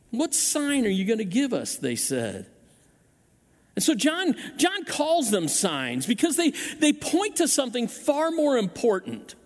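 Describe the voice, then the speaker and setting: A man's voice: extremely high pitch, big-room sound. A man preaching a sermon as pastor, telling stories with acted-out voices and often restarting his words. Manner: animated storytelling with acted-out voices; frequent restarts and repeated words. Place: church sanctuary.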